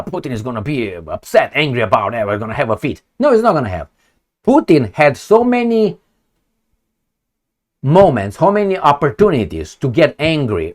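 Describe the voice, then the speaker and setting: A man giving a sarcastic, profane political rant from indoors at home. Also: on the high side. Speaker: political commentator. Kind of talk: ranting political commentary.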